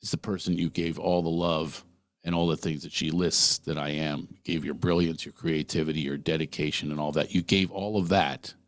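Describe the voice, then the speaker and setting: A man's voice: a bass voice, steady tone, normal speed, no echo. A middle-aged man hosting a podcast, talking earnestly through a personal monologue and putting questions straight to the listener. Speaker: podcast host.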